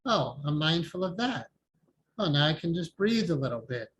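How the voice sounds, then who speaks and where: Brief: male meditation teacher, slightly high voice, relaxed and chatty, faint hiss behind. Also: moderate pace, rough recording. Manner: calm, conversational, laughs often. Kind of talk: online support group class. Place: home, online video call. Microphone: video call microphone.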